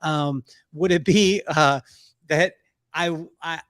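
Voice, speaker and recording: As a guest on a podcast, a middle-aged man with a high voice tells a story in a casual interview, taking it slowly. He's animated, laughs often, and imitates the people he quotes. The sound is close and dry, with no echo or room.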